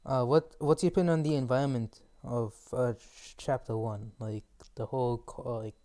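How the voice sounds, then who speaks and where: A man's voice: mid-range voice, fairly even intonation, normal speed, warm tone. A man co-hosting a casual podcast, asking questions and rambling with jokes. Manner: rambling, jokey, leads the questions. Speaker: podcast co-host. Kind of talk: casual chat.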